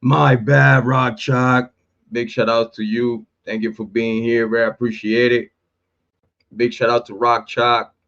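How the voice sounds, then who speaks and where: A man hosting a livestream, mocking and laughing, with rough language, then greeting his chat warmly. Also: mid-range voice, level tone, measured pace. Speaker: livestream host. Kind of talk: casual livestream commentary. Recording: dull lo-fi stream audio.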